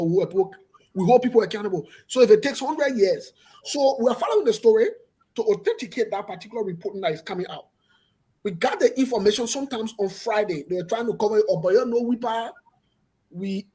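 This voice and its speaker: A man's voice: high voice, expressive, fast talker, warm tone, slightly rough. A man hosting a political talk show, speaking emphatically and repeating himself for effect. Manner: emphatic, repetitive, pointed.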